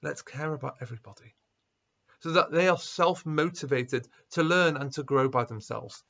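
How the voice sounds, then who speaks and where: A man speaking as a rabbi at a school assembly, telling a story with lively quoted dialogue. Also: on the high side, moderate pace, dull audio. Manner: animated storyteller, acting out quoted voices.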